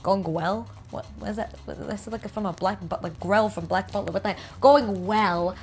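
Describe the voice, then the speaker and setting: A woman's voice: mid-range voice, normal speed. A woman with a New Jersey accent, casually riffing and joking as she reads about game art. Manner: chatty, jokey, reads aloud and riffs. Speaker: host.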